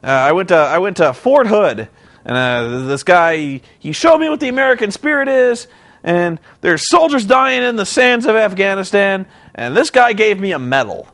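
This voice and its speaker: A man's voice: high-pitched, big pitch swings, normal speed, fairly bright tone, exaggerated voice. A man putting on a hammy, earnest male wrestler who speechifies about patriotism. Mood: indignant.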